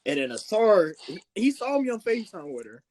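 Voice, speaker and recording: A young man co-hosting a podcast, telling stories in an animated, laughing way. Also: high voice, fairly quick, crowd noise. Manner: animated storyteller, loud laughing retellings. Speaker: podcast co-host. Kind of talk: casual chat.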